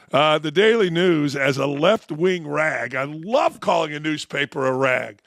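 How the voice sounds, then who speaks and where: An older man hosts a sports talk show, talking straight into a close studio mic. His voice sits a touch high for a man and carries a gravelly, creaky edge. He drifts between dry sarcasm and mock outrage, and the sound is dry and close. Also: moderate pace, hardly any pauses, no room sound. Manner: sarcastic, mocking, animated with voiced asides. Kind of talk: opinionated talk monologue.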